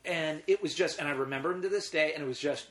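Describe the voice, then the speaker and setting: A man's voice: a little high, fast, fairly bright tone. A middle-aged man, a guest in casual conversation, telling rambling stories with emotion and frequent restarts.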